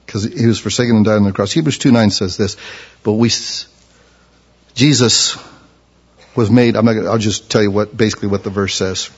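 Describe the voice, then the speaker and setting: A man preaching a sermon who swings from low, quiet explanation to loud, impassioned passages. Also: steady tone, brisk, pauses often, husky, dull audio. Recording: long hall reverb.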